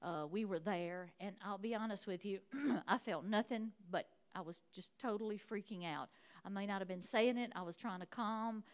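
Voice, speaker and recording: A woman's voice: medium pitch, moderate pace. A woman preaching a sermon in a church, emphatic and repeating her phrases. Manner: emphatic, repeating phrases, rising to shouts of praise.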